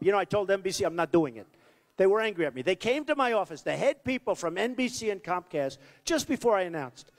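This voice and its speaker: A man giving a rambling, boastful campaign rally speech that repeats itself, at a podium microphone in a large venue. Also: sits high. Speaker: political candidate. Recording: long reverb of a large hall.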